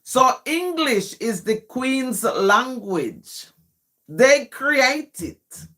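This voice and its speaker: Slow-talking Jamaican woman poet. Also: sits high, very animated, a bit bright. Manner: explains patiently, often checks in with "yes?". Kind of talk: live stream, reading poetry and chatting with viewers.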